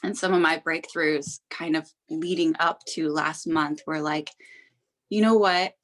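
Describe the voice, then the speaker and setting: A young woman speaking on a live call, teary and on the verge of tears. Her voice sits a little lower than most women's, and she talks in a heartfelt, effusive way, often stopping to laugh. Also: flat delivery, unhurried, fairly bright tone. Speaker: guest sharing a business success story. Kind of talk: casual emotional testimony.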